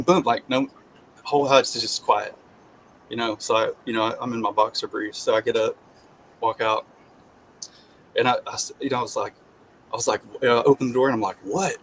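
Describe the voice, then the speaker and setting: Man, mid-pitched voice, animated storytelling, acts out quotes, casual talk, faint background hiss. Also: poor audio. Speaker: guest sharing his testimony.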